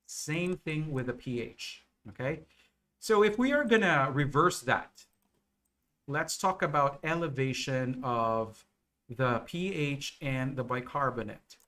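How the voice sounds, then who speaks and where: A man teaching nursing exam material on a live stream, explaining slowly and checking in with viewers often. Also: mid-range voice, animated, a bit bright. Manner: slow, repetitive explaining with frequent okay and right checks.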